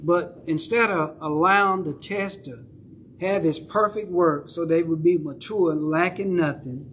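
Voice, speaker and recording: A man's voice: a little high, measured pace, a bit bright, slight background noise. A male pastor with a Southern accent preaching a sermon in a church, talking conversationally and checking in with the congregation. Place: church sanctuary.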